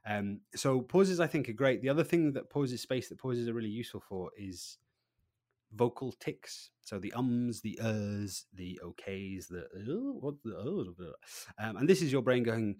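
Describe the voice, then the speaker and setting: A man giving an interview about his training work, lively, acting out little voices and swinging between loud and quiet. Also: mid-range voice, unhurried, no echo, clean studio sound. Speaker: presentation trainer, guest. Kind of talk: animated podcast interview.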